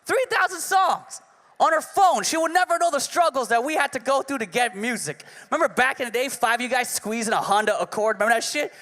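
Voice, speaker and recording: A man's voice: very high-pitched, fairly quick, bright, forceful tone. A man in his thirties doing a brash, profane stand-up set on a club stage. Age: 30s. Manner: brash, profane, punchy delivery. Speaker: stand-up comedian. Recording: live hall reverb.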